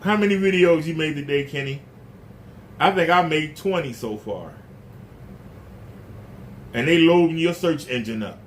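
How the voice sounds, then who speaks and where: A man's voice: on the high side, lively intonation, measured pace, long pauses, slight background noise. A man hosting his own channel, ranting indignantly to the camera with repeated rhetorical questions. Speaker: YouTube channel host. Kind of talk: casual rant to camera.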